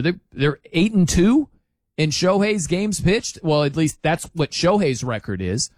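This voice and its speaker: A man hosting a sports talk show, arguing his point in an incredulous, animated rant with laughs between points. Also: fairly high pitch, unhurried, no room sound, low-quality recording.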